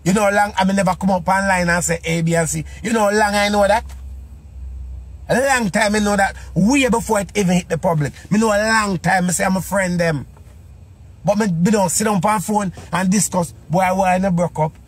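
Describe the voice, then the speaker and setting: A man's voice: high voice, a little fast, breathy edge. A man with a Jamaican Patois accent giving a casual monologue, full of repeated rhetorical questions.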